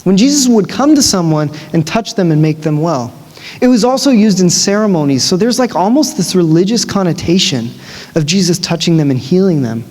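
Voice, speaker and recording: A man preaching a sermon in a large church, telling the story casually with lively, conversational asides. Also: high-pitched, fairly quick. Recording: long church-hall reverb.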